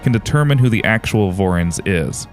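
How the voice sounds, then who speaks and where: A man narrating as game master in a tabletop game, in a steady, descriptive storytelling manner. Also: lowish voice, normal speed, faint music behind.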